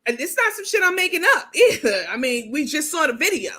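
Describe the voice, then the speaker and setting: A blunt, sassy woman hosting a live stream, swearing freely and talking straight to her viewers. Her voice is bright and forceful, and she reads viewer comments aloud between her remarks. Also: high voice, very animated, brisk. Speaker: host of a live gossip commentary show.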